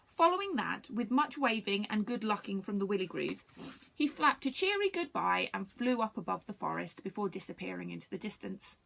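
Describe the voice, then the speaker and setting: A woman reading a children's storybook aloud for a library story time, expressive and animated. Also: mid-range voice, normal speed, gravelly.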